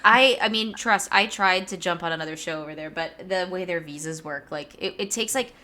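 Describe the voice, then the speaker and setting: A woman's voice: on the low side, brisk, sharp tone. A woman chatting casually on a livestream, telling stories and laughing often. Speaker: streamer co-host.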